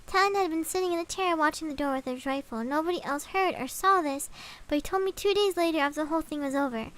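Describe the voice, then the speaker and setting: A woman's voice: sits high, fast, a bit bright. A woman streamer casually reading a scary story aloud, swapping swear words for milder ones and breaking off for chatty asides.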